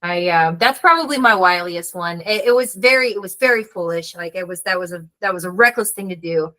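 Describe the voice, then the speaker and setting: A woman with a bright, forceful voice spins an animated tale. She leans on "like" and slips into the voices of the people she quotes. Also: on the low side, fairly quick, poor audio. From United States. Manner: animated storyteller, acts out quoted voices, frequent "like". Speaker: author, guest. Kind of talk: casual storytelling conversation.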